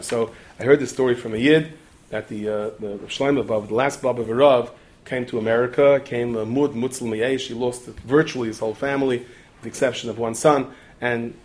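A man giving a storytelling sermon, talking quickly with digressions, asides and repeated restarts. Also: medium pitch, a little mellow. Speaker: preacher telling a story.

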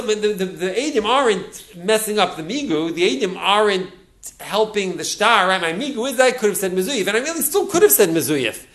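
A man's voice: high voice, a bit bright. A man teaching a Talmud lesson, explaining it step by step with rhetorical questions and frequent restarts. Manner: halting, restarts words.

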